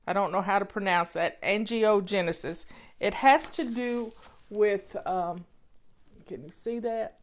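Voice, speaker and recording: Slow, earnest woman chatting over tea. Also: medium pitch. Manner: earnest, repeats points for emphasis. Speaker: vlogger. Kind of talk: casual talk to camera.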